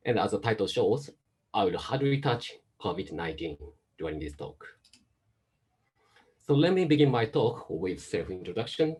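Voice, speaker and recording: Brief: deep, husky man, mixed Japanese-Chinese-American accent, explains carefully over a video call. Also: moderate pace. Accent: Japanese, Chinese and American mix. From Japan, raised in Hong Kong. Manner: steady explaining, careful phrasing. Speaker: guest speaker, medical doctor. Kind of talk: online science talk.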